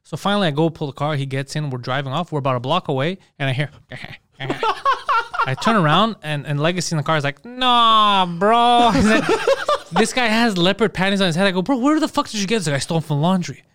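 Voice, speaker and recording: Fast-talking high-voiced man telling a wild story. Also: slight background noise. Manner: profane, animated storytelling with quoted voices. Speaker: storyteller in a podcast chat. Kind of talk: casual chat.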